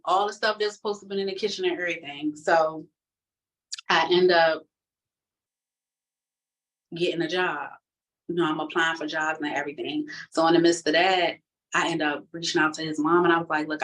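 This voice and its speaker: A woman tells her personal testimony in a relaxed, conversational way. Her voice sits fairly low, and she animates the story by acting out the people in it. She sounds a little distant from the microphone. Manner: casual, conversational speech.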